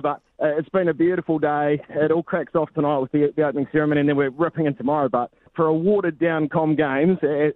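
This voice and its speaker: A man's voice: on the high side, no echo. Chatty New man on a phone line. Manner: chatty, rambling, deadpan. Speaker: sports reporter calling in. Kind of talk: casual phone-in chat.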